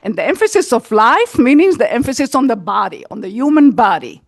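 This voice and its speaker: A woman speaks up from the audience with a long, earnest comment, pressing her points and repeating key words. Her voice is fairly high, and the sound is dry with no room echo. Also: big pitch swings, a little fast. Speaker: audience member asking a question. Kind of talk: unscripted comment from the floor.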